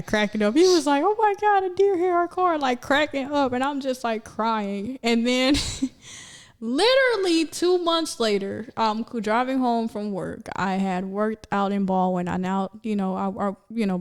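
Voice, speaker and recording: A young woman, a podcast guest, telling a story casually with lots of fillers and acting out quotes in a high voice. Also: normal speed. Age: young adult. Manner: animated, many fillers, acts out quotes in high voice.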